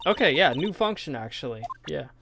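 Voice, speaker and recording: A chatty, excitable streamer commenting casually while playing a story game. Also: mid-range voice, fairly quick, gravelly, noisy background. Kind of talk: casual let's-play commentary. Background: game music.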